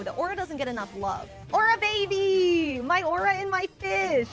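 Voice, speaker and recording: A woman's voice: extremely high pitch, expressive, normal speed, hardly any pauses, music in the background. A woman reacting to a gift in a clip, gushing and exclamatory. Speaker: content creator.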